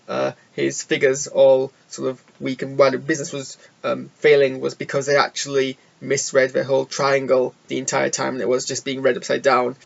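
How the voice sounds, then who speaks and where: Young man, gravelly voice, chatty film review, slightly dull recording. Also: mid-range voice. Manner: chatty, rambling, self-deprecating. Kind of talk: casual solo film review. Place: indoor room.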